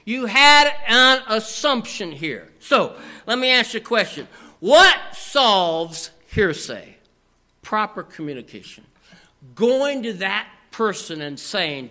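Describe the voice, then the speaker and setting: A male pastor preaching an animated sermon who keeps calling on the congregation to answer back and often tacks the word "here" onto his sentences. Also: high-pitched, takes it slowly. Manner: animated, calls for audience response; repetitive filler "here".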